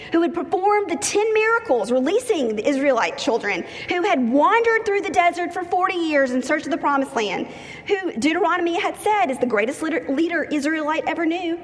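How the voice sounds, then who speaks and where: A woman preaching a sermon, telling the story in a lively, humorous way and acting out the people in it. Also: sits high. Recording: long hall reverb.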